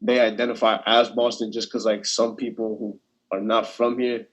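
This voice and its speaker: A young man on a video call, talking as a student panelist in a casual discussion. His voice sits fairly low. He circles his points with restarts and fillers. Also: little pitch movement, normal speed, slightly rough, lo-fi sound. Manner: hesitant, many restarts and fillers.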